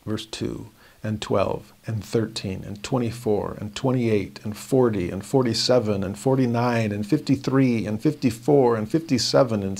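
A man's voice: fairly low pitch, gravelly, darkish tone. A man, a religion teacher, giving a personal devotional talk and acting out his own inner dialogue as he tells the story.

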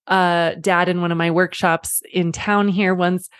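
A woman's voice: level tone, unhurried, clear, resonant tone, no room sound. Chatty woman coaching parents, dry close sound. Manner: chatty, acts out quotes in a high playful voice. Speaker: parent coach and podcast host. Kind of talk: casual teaching talk.

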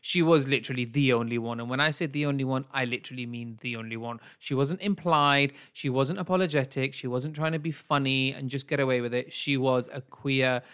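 A man's voice: medium pitch, fairly quick, hardly any pauses, a bit bright, clear, resonant tone. A man co-hosting a casual podcast chat, earnest and blunt, with some swearing.

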